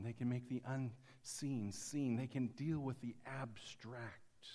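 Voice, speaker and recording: A man, a pastor, preaching a sermon that moves from quiet passages to emphatic ones. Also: mid-range voice, fairly even intonation, slow, few pauses. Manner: dynamic, swinging from quiet to emphatic. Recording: long church reverb.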